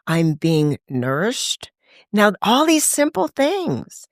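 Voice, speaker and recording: Animated woman telling her recovery story. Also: mid-range voice, slow pace, no echo, studio quality. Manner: animated, acts out quoted voices, laughs often. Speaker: podcast guest in recovery. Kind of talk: candid conversational storytelling.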